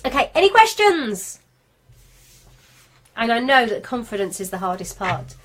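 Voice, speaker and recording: A woman's voice: a little high, sing-song, unhurried, fairly bright tone. A woman with a Brummie accent teaches marketing to craft sellers in a live video class, chatty, self-deprecating and talking straight to her viewers. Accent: Birmingham English (Brummie). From England. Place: home studio with lights, indoors.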